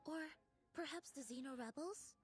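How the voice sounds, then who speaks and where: A woman's voice: high voice, moderate pace, soft background music, natural voice. An actress voicing an earnest young woman assistant in a game who briefs the team.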